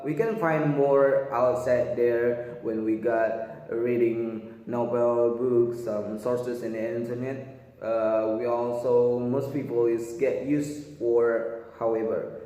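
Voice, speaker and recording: Slow, halting male teacher in echoey room. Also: mid-range voice, dark tone. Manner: halting, many restarts and fillers, repeats phrases. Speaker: English teacher. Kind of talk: grammar lesson explaining examples. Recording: echoey room with long reverb.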